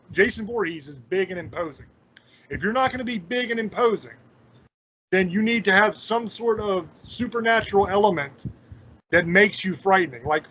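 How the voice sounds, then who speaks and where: Blunt, profane high-voiced man. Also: sharp tone. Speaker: podcast host. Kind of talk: casual chat. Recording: dull lo-fi audio.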